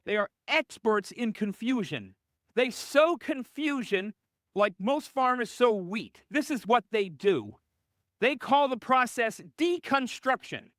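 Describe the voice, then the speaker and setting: Animated, high-voiced male preacher. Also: no room sound, clean studio sound. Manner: animated storytelling, acting out dialogue in different voices. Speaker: pastor. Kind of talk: narrative sermon.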